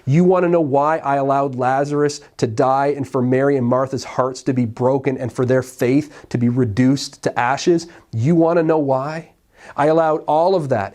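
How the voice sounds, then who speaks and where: A male pastor preaching a sermon, retelling a scripture story and acting out the dialogue with animated, conversational delivery. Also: mid-range voice, moderate pace. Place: church sanctuary.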